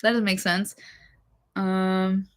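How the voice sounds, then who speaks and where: A woman's voice: mid-range voice, level tone, takes it slowly. A young woman vlogger chatting casually about songs that move her, rambling with lots of fillers and laughing asides. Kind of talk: casual chat about music.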